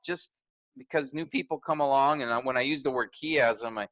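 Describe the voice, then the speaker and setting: A man's voice: medium pitch, normal speed, a bit bright, dry recording, poor audio. A man teaching a graduate workshop in a conversational way, thinking aloud with restarts and fillers.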